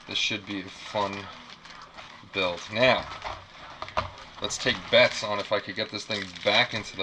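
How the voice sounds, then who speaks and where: A man hosting a casual live unboxing stream from a small apartment, rambling, repeating himself and reacting to chat. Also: lowish voice. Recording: clear background noise.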